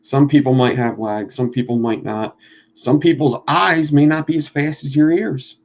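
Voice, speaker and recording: Man, Philadelphia accent, gravelly fry, mid pitch, fast and profane, muffled lo-fi audio. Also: darkish tone. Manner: fast-talking, profane, rambling. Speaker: live-stream coil building instructor. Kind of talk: casual live-stream chat.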